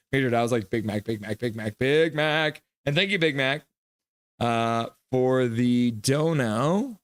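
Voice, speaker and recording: A man hosting a live hockey reaction stream, reading chat messages aloud, joking and reacting loudly to goals. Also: mid-range voice, slow, dry recording. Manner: excitable, reads chat aloud and jokes.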